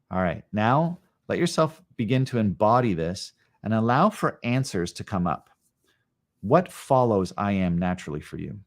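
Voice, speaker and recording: A man, an educator, guiding a live meditation lesson in a calm, unhurried way, with long pauses and slowly repeated short phrases. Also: on the low side. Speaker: educator leading a live session. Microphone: live stream setup.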